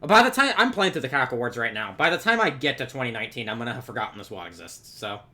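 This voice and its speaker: Bright-voiced man reacting casually. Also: medium pitch, animated, very fast. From Texas. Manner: rambling, laughs often, swears. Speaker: reaction video creator.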